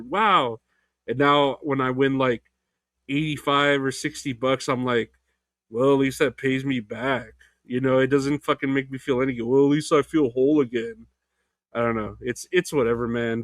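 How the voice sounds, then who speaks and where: Young guy rambling and cursing on his solo podcast, mid-pitched voice, dead dry close mic. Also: fairly bright tone, dry recording. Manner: rambling, profane, loose and unfiltered. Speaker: podcast host. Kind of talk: casual solo podcast chat.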